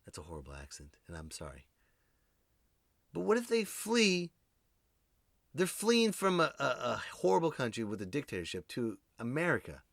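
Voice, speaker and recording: A man hosting his own podcast, rambling through a jokey monologue that swings between loud outbursts and muttered asides. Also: on the low side, vocal fry, no room sound, clean studio sound. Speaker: podcast host. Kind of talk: comedic solo podcast monologue.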